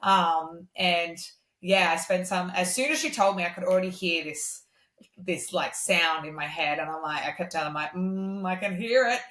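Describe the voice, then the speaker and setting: A woman's voice: on the low side, normal speed. Chatty woman in an echoey room. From Australia. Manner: chatty, animated, acts out quoted voices. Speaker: podcast guest, singer-songwriter. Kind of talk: casual chat. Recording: roomy echo.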